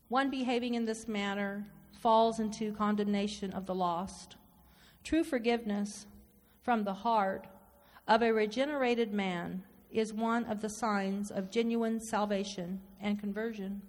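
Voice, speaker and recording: A woman's voice: mid-range voice, fairly even intonation, measured pace, in a large hall. A woman preaching an earnest sermon, reading scripture and confessing her own failings.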